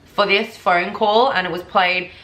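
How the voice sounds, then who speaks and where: A woman's voice: medium pitch, steady tone, measured pace, fairly bright tone, roomy sound. A woman vlogger casually retelling a true crime case in a chatty, conversational way.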